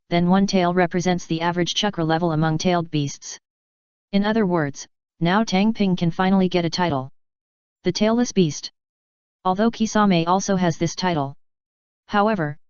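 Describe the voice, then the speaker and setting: A woman narrates a novel as a scripted audiobook, keeping a steady delivery. Her voice is a touch low, very smooth and clean, captured in a dry, close recording that sounds slightly dull and muffled.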